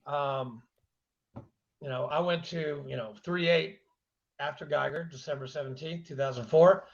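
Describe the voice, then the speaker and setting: A man's voice: fairly high pitch, normal speed, dull audio. A man hosting a podcast in casual chat, joking loosely and swearing freely. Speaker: podcast host.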